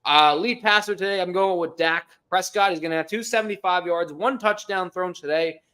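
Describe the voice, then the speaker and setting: A man co-hosting a casual sports podcast, loud and jokey, swearing freely as he gives his picks. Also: sits high, brisk, clean tone. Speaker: podcast co-host.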